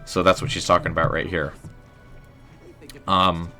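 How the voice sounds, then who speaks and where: A young man hosting a casual game livestream, rambling in a relaxed way with lots of "um" and "like". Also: sits low, measured pace, faint music behind. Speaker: livestream host.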